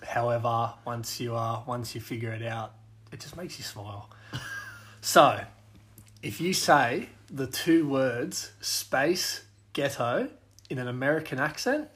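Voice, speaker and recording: A man's voice: medium pitch, fairly bright tone. A man, co-hosting a podcast in casual chat and laughing often. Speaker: podcast co-host.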